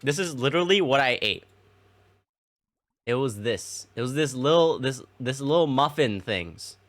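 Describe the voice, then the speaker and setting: A man's voice: medium pitch, normal speed. Young streamer guy rambling about school days to chat, voice jumps all over, laughs a lot. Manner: animated, laughing, slangy storytelling with many restarts. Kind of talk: casual storytelling to chat.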